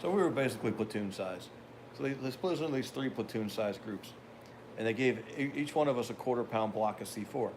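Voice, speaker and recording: A man's voice: medium pitch, animated, a little fast, background noise. An older man hosting a podcast, telling a rambling anecdote in a casual way with wry asides. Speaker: podcast host. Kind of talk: casual storytelling.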